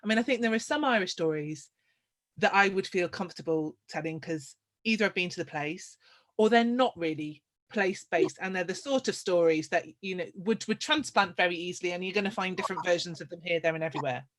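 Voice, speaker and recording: A woman's voice: on the low side, fairly quick, fairly bright tone. A woman hosting an interview, thinking aloud in a thoughtful, hesitant way. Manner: thoughtful, hesitant, restarts phrases. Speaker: host. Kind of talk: conversational interview.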